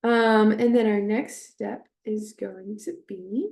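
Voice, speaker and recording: A woman teaching a speech-therapy technique, speaking hesitantly with many fillers and slowly modeling short phrases with strong stress. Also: medium pitch, steady tone, creaky, a little mellow. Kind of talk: instructional demonstration.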